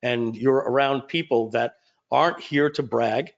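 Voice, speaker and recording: A man's voice: mid-range voice, a little slow. A man telling a personal story to his audience as an event speaker and host, acting out the dialogue as he goes. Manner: animated storyteller who acts out dialogue. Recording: dull lo-fi audio.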